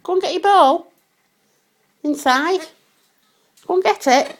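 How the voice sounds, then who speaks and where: A woman's voice: very high-pitched, slow pace. A British woman chatting to her pet parrot in a coaxing, sing-song way. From United Kingdom. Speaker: pet owner.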